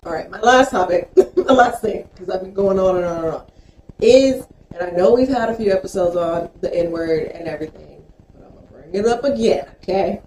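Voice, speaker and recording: A woman's voice: mid-range voice, fairly quick, mellow. A woman co-hosting a podcast in casual chat, ranting bluntly and profanely. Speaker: podcast co-host. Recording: roomy echo, faint noise.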